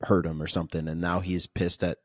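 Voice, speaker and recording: Low-voiced man mulling over a film. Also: little pitch movement, fairly quick, no echo, studio quality. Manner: thoughtful, hedging, many fillers. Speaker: podcast co-host. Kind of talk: casual film review chat.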